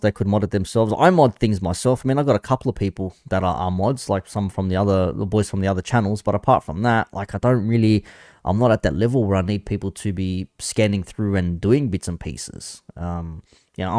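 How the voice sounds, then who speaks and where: A laid-back male streamer with a fairly low voice who rambles on and swears freely. His voice is close and dry on the mic, with no room sound around it. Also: a little mellow, dry recording. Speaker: commentary streamer. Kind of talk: casual live-stream commentary.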